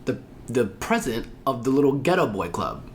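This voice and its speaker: A man telling a story as a podcast guest in casual chat, animated and profane, acting out the voices of people he quotes. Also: mid-range voice, a little fast, slight background noise.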